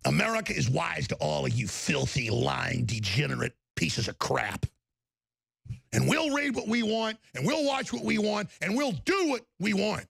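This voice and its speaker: Ranting talk host man, gravelly husky voice, lively swooping pitch, dry close sound. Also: normal speed, no echo. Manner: angry, shouting, insulting tirade. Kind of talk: ranting talk show monologue.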